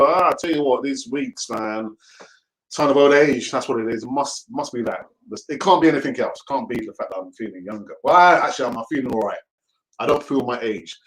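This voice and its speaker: A man's voice: medium pitch, a bit bright, poor audio. Chatty, rambling man hosting a show. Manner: chatty, rambling, jokey, often restarting. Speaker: host of a fan channel. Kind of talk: casual live show talk.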